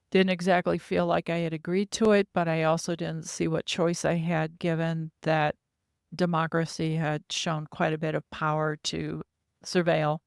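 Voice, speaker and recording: A woman's voice: low-pitched, gravelly, clean tone, dry recording. Female guest, earnest vivid storyteller, dry close sound. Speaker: podcast guest. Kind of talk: recounting personal experiences.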